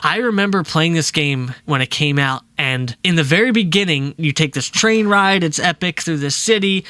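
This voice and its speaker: Animated swearing man with a bright voice. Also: on the high side, moderate pace, clean tone, no echo. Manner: animated, swears a lot, tells vivid stories. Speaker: podcast co-host. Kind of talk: casual chat.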